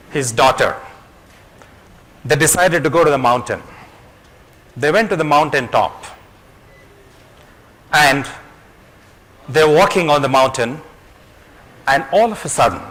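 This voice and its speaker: A man's voice: fairly high pitch, fairly bright tone, poor audio. A man giving a motivational talk to an audience, speaking emphatically, repeating his key phrases and telling a parable.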